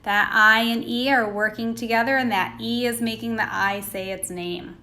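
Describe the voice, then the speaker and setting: A woman teaching a recorded phonics lesson to young children, sounding out words slowly and patiently, asking questions and waiting for answers. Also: fairly high pitch, fairly even intonation, pushed and bright. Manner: slow, sounding out words letter by letter.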